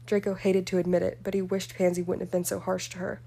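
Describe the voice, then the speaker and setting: Mellow woman reading a story aloud. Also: lowish voice, flat delivery, fast talker, gravelly. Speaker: story reader. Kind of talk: audiobook-style reading of fan fiction.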